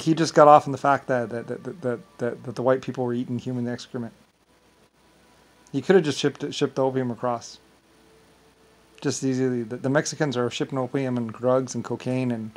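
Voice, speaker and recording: A man's voice: medium pitch, low-quality recording. A man talking in a casual, rambling monologue, often stumbling and repeating words as he restarts his sentences.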